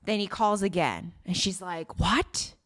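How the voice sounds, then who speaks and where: Expressive woman with a lively pitch. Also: moderate pace. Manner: expressive storyteller, acts out scenes, laughs often. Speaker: podcast co-host. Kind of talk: casual chat recapping a drama.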